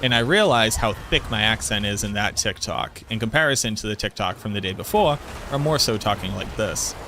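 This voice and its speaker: Low-voiced rambling gaming streamer man. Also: animated, brisk, background noise. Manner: rambling and talkative, self-correcting. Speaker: game streamer. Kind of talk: casual chat while gaming.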